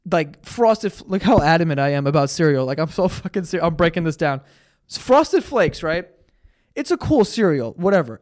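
A young man hosting a podcast alone, ranting profanely and with exasperation, mocking himself between outbursts. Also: high-pitched. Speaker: podcast host. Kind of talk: solo comedic rant.

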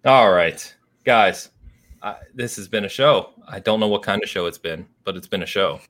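A man hosting a casual podcast, ranting with animated, stop-start phrasing. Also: on the low side, moderate pace. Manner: ranting, animated, many restarts. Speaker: podcast host. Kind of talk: casual chat.

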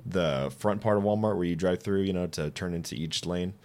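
A man in his late twenties with a fairly low voice tells stories casually on a podcast. He gets animated, slips into the voices of the people he quotes, and swears without a second thought. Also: a little fast. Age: 20s. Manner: animated, acts out quoted dialogue, swears freely. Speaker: podcast guest. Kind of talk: casual storytelling.

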